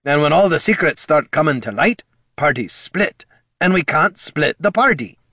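A man's voice: a little high, animated, normal speed, sharp tone, dry recording, studio quality, pitched above the performer's own voice, heavily acted. A man voicing a blunt, folksy veteran adventurer who worries about his party. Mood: earnest.

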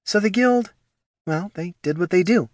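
A man voicing a poor, proud female gnoll mother who speaks softly and pleads, in a storybook reading. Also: high voice, moderate pace, no room sound, studio quality, pitched above the performer's own voice, natural voice. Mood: sorrowful.

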